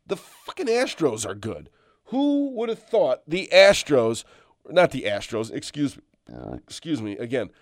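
A middle-aged man hosting his own podcast, ranting casually and emphatically, repeating himself and swearing as he tells fans to calm down. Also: on the high side, measured pace, no echo, clean studio sound. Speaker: podcast host. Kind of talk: solo sports rant.

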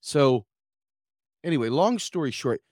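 This podcast host, a middle-aged man from the United States, rants casually through a story, animatedly voicing quotes with plenty of swearing. He speaks a little high and a little slowly. It's a clean studio recording with no audible room.

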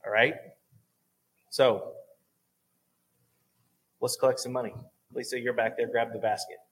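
A man's voice: mid-range voice, flat delivery, measured pace, slight background noise, rough recording. A male pastor speaking to his congregation during a service. His talk is casual and earnest, loose and chatty, and he keeps checking in with the room. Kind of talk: church offering talk. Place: church service.

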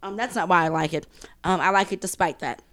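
A woman, a writer guest in casual chat, telling stories with animated bursts of high exclamation. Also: quick pace, a little hiss or hum. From New Orleans.

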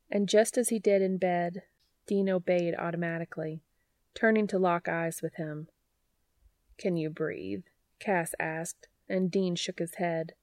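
Woman reading a fanfic aloud, lowish voice, calm steady pace, dry mic. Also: no echo. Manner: even, unhurried, quiet reading. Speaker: podfic reader. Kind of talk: audiobook narration of fan fiction.

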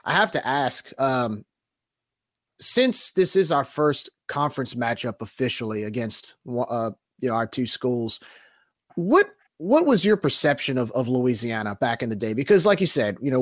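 A man hosting a casual football podcast, animated and laughing as he asks eager questions. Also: mid-range voice, normal speed, dry recording, clean studio sound. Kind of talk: casual chat.

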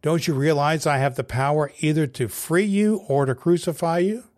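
A questioning Roman governor, as a man reads him aloud. Each line comes as a pointed question, a notch higher and louder than plain reading. The man keeps it close to his own voice rather than building a full character. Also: moderate pace, lightly acted.

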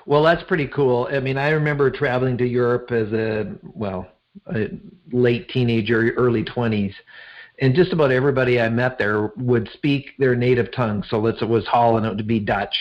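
A man's voice: medium pitch, steady tone, normal speed. Middle-aged man, interview host, joking, rambling, dull lo-fi audio. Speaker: podcast host. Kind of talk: casual interview conversation.

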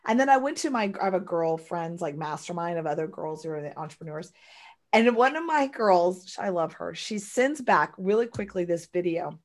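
A woman chatting casually and telling stories in an animated way, often acting out what others said. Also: on the low side, normal speed. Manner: animated storyteller, acts out quotes loudly. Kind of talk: casual chat.

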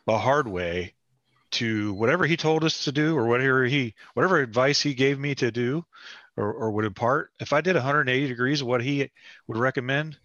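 A man's voice: mid-range voice, brisk, a bit bright, no room sound, highs cut off. A middle-aged man as a guest in a casual conversation, rambling and wry, restarting his sentences often.

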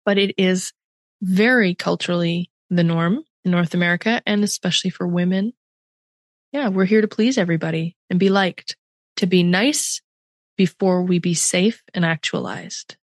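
This podcast host, a middle-aged Canadian woman with a lowish voice, conducts a conversational interview at normal speed. The recording is clean studio sound without echo, and she sounds reflective, emphatic and at times animated.

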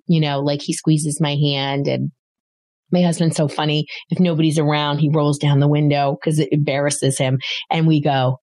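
Animated woman giving parenting advice. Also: low-pitched, no room sound. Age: middle-aged. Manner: animated storyteller, acts out quoted voices. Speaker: podcast host, parenting expert. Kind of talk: conversational advice talk.

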